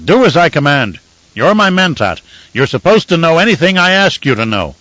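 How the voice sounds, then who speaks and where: A man's voice: lowish voice, normal speed, fairly bright tone, no echo, voice pushed down, close to an everyday voice. A man voicing a cruel, bloated, imperious baron who barks brusque commands in an audiobook reading. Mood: commanding. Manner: brusque, commanding, bellowing orders. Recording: dull lo-fi dry audiobook recording.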